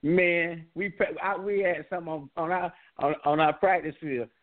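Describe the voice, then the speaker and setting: A man's voice: on the high side, steady tone. A man telling casual stories about sports, stammering and restarting as he goes. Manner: halting, stammering storytelling. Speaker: podcast co-host. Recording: tinny phone-like line.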